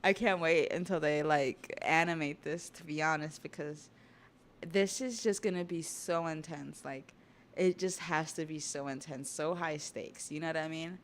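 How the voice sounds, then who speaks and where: A young adult woman livestreaming as she reacts to a manga, chatty and excitable, with casual swearing. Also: deep voice, normal speed, slight background noise. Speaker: streamer.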